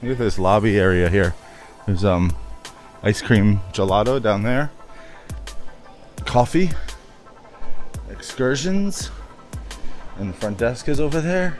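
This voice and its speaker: A man's voice: on the low side, slow pace, pauses often, darkish tone, soft background music. A man filming a casual travel vlog, chatting about what he sees as he walks around. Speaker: travel vlogger. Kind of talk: casual vlog commentary while walking.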